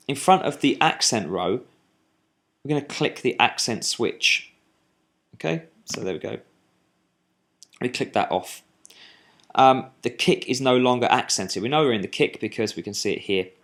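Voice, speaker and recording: Speaking at a medium pitch, a man narrates a screen-recorded tutorial for music software. He talks as he clicks, with fillers and restarts along the way.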